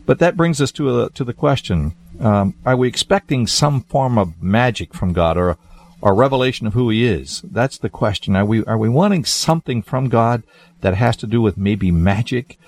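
A man who is a pastor, talking in a measured, emphatic way in a religious discussion. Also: medium pitch, lively intonation, a little mellow.

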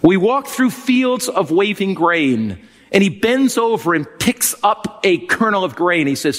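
A man's voice: high voice, big pitch swings, a little slow. Fervent male preacher in a reverberant hall. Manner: fervent, emotional storytelling with wide swings. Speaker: pastor. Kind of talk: sermon.

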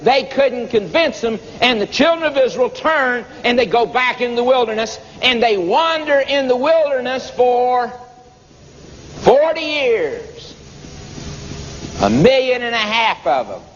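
High-voiced man preaching slowly. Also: sing-song, a little hiss or hum. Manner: slow, emphatic, repetitive storytelling. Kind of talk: sermon. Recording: dull lo-fi tape with long reverb.

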